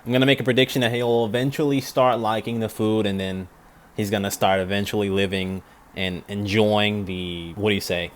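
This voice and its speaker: A man's voice: on the low side, a bit bright, a little hiss or hum. A young man, an animator, chatting casually and rambling as he reacts to a film. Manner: rambling, thinks aloud with restarts.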